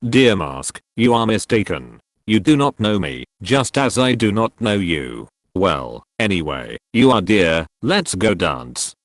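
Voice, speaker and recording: A foppish young conspirator plays the dandy with light, teasing words, as a man reads him. His low voice rises and falls freely, recorded dry. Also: very animated, a little slow, hardly any pauses, no echo. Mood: playful. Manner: foppish, playful.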